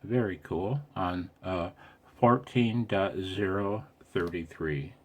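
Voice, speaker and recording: A man's voice: deep voice, slow pace, a little mellow, breathy edge. A man doing a casual ham radio vlog, reading out call signs with a self-amused, chatty manner. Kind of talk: casual contest recap vlog.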